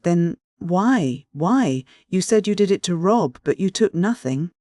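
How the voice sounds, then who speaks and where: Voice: mid-range voice, lively intonation, measured pace, no echo, close to an everyday voice. An audiobook reader voicing a timid, pious young woman who questions in disbelief, read in a dry, close recording. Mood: pleading. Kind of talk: audiobook character dialogue.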